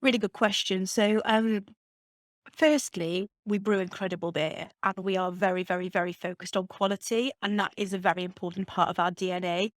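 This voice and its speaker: Geordie businesswoman, confident interviewee, mid pitch, dry recording. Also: steady tone, fairly quick, no room sound. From Newcastle, England. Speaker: brewery chief executive, guest.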